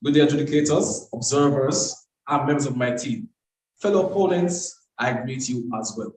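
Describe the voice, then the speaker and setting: A man's voice: medium pitch, animated, normal speed, slight background noise. A young man with a Jamaican accent, giving a formal, declamatory student debate speech. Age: young adult. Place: school hall. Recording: echoey hall, mic at a distance.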